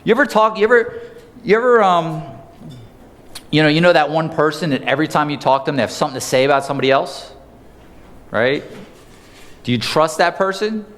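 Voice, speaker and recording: A man's voice: on the high side, animated, brisk, pauses often, a bit bright, big-room sound. A man giving a live sales seminar, talking energetically and conversationally and quizzing the audience. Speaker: sales trainer. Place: seminar room.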